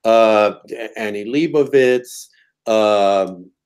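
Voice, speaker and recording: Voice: medium pitch, drawn-out words, darkish tone, smooth. A co-host in casual online panel chat, putting probing questions to a guest.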